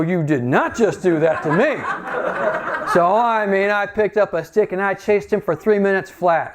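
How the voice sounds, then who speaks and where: Folksy higher-pitched male preacher. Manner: conversational, folksy storytelling with direct questions to listeners. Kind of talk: sermon.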